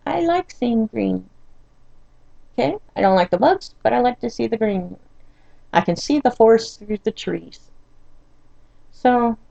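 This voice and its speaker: Older woman with a gravelly, wry voice. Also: medium pitch, dark tone, no echo. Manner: exasperated, wry storytelling. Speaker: vlogger. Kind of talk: venting personal story to camera. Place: doctor's office waiting room. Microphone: phone or camera recording herself. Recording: dull, lo-fi and dry.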